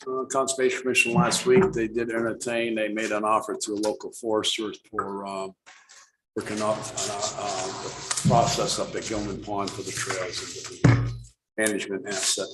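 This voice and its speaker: A man's voice: lowish voice, little pitch movement, normal speed. A man serving as a selectman at a town board meeting, speaking in a plain, conversational way. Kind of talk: public meeting discussion. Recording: echoey meeting room with noise.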